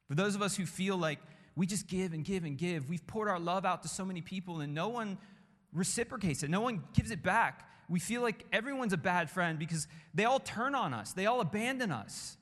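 A man preaching a sermon with passion, building through repeated phrases and dropping to hushed tones. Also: high voice. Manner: impassioned, rhythmic repetition, drops to hushed tones. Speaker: pastor. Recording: long hall reverb.

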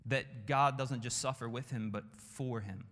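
A man preaching a sermon with passion, building through repeated phrases and dropping to hushed tones. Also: medium pitch, fairly even intonation, unhurried. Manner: impassioned, rhythmic repetition, drops to hushed tones. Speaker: pastor. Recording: long hall reverb.

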